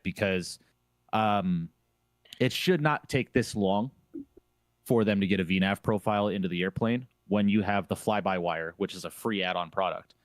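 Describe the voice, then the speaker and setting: Low-voiced guy ranting about flight sims on a panel, emphatic, repeats himself, dry close mic. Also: no room sound. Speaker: flight sim streamer on a panel. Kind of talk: casual panel discussion.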